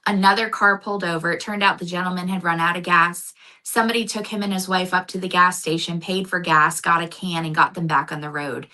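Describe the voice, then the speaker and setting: A woman's voice: lowish voice, fairly even intonation, brisk, sharp tone, poor audio. A woman running for local office, talking earnestly in a casual interview and telling stories. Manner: earnest, storytelling. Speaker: county commission candidate.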